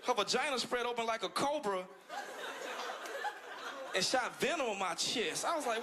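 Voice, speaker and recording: A man from the United States doing a stand-up set, animated, jumping into high-pitched act-outs and laughing through his lines. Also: fairly quick, long pauses, background noise. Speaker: stand-up comedian. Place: comedy club stage with live audience. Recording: loud crowd laughter in club.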